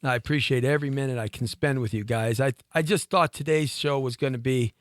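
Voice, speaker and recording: A man in his fifties telling a long personal story on a talk show, lively and chatty, laughing between lines and often restarting his sentences. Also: mid-range voice, a little fast, no room sound, studio quality. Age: 50s.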